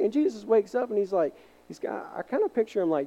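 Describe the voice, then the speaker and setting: A male pastor preaching a sermon, animated and acting out voices in the story, sometimes dropping to a soft hush to make a point. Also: high-pitched, fast, lo-fi sound. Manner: animated, acts out quoted voices; drops to a soft hush for emphasis.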